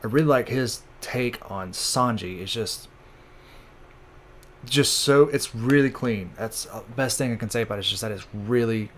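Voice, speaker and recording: A man's voice: mid-range voice, normal speed, slight background noise. A man hosting a casual recap, chatty, laughing often and stumbling over names as he goes. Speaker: channel host.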